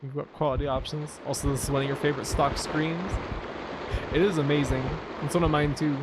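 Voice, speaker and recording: A man's voice: on the high side, steady tone, a little fast, heavy background noise. A man giving casual gameplay commentary, chatty and amused, musing aloud. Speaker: let's play streamer.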